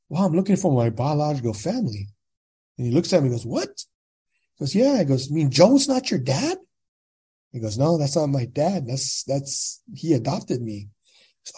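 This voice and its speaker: Older California man telling his story in husky tones. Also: medium pitch, fairly quick. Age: 60s. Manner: animated storyteller, acts out quoted dialogue; plain-spoken, casual. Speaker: guest. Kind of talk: casual storytelling.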